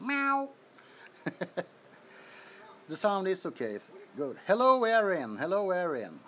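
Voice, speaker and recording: A man's mid-range, slightly mellow voice carries a casual phone-recorded livestream from an apartment bedroom, with a little hiss or hum. He's sweaty from the heat, greeting viewers and laughing a lot as he chats.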